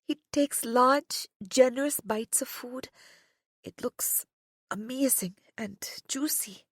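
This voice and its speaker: A soft-spoken woman narrating a first-person romance audiobook, often dropping to a whisper. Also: a little high, slow pace, husky, no echo, studio quality.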